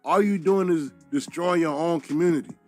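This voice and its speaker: A man's voice: on the high side, normal speed, faint music behind. A man giving blunt, mocking commentary in a played clip.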